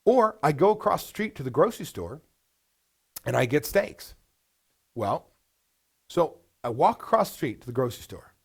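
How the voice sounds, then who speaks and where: A man coaching restaurant owners in a webinar, with a fairly high, gravelly voice. His pitch swings widely as he fires blunt rhetorical questions. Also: sing-song, moderate pace, long pauses, a little mellow. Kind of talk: webinar presentation.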